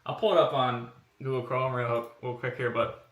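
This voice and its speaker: A man casually talking through his car body kit designs on a live stream, relaxed and rambling, thinking out loud with plenty of fillers. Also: mid-range voice, moderate pace, recorded from a distance. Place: home workshop room. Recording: roomy, from away from the mic.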